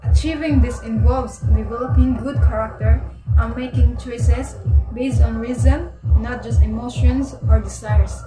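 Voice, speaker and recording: A woman's voice: fairly high pitch, steady tone, a little slow. Woman narrating in an echoey room. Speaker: student presenter. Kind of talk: scripted explanatory narration. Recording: echoey, far from the mic, music behind.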